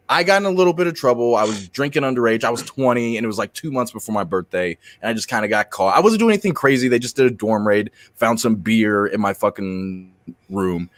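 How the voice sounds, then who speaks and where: A man, a comedian and podcast host, telling animated stories in casual chat, swearing and laughing often. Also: mid-range voice, dry recording.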